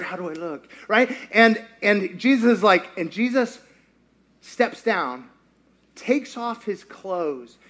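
High-voiced, animated male preacher. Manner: animated, joking, acts out scenes. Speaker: pastor. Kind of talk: sermon.

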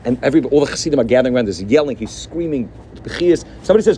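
Fast-talking rabbi telling an animated story. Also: male voice, medium pitch, slight background noise. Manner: animated, mixes Yiddish and Hebrew words. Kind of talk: sermon storytelling.

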